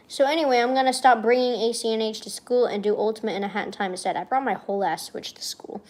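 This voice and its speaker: A young adult woman streamer in casual chat, reading aloud from her old journal with excitable rambling and frequent swearing. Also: fairly high pitch, fast, few pauses.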